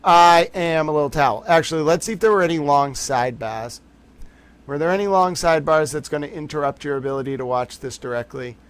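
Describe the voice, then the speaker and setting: On his livestream covering a trial, this man speaks to viewers in a loose, rambling manner, poking fun at himself and cracking jokes. His voice sits on the higher side, brisk and clean in tone.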